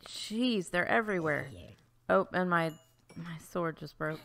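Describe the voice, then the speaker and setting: A woman's voice: on the low side, unhurried, vocal fry, a bit bright, slight background noise. Chatty woman narrating her gameplay. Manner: chatty, flustered, frequent restarts and exclamations. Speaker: let's-play host. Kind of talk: casual gameplay commentary.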